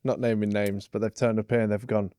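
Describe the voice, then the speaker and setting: A man's voice: lowish voice, level tone, quick pace, dark tone, clean tone, dry recording, clean studio sound. A man hosting a podcast in casual chat, laid-back and swearing freely, with lots of encouraging backchannels. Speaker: podcast host.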